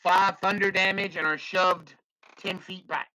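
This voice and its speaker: A man's voice: sits high, steady tone, unhurried, sharp tone, no room sound, rough recording. A man playing a tabletop game, thinking aloud and checking the rules as he goes. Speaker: player. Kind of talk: casual tabletop game talk.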